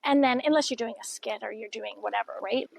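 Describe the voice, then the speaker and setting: Woman, middle-aged, casual vlog talk, encouraging, slightly high, gravelly. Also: fast, a little hiss or hum, poor audio. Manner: upbeat, encouraging, chatty. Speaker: vlogger and podcaster. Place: outdoors by a river.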